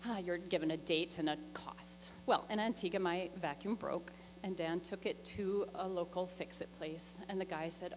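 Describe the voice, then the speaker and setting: Lively woman in an echoey hall. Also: fairly low pitch, normal speed. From Canada. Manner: lively, anecdotal, acts out dialogue. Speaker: missionary teacher presenting to a congregation. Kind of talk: storytelling presentation. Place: church hall. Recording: echoey church hall with mains hum.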